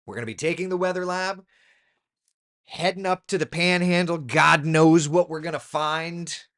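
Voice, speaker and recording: A man, a TV meteorologist, chatting casually through the weather, relaxed and talkative with asides and fillers. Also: fairly high pitch, normal speed. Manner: relaxed, chatty, thinking aloud with ums and asides.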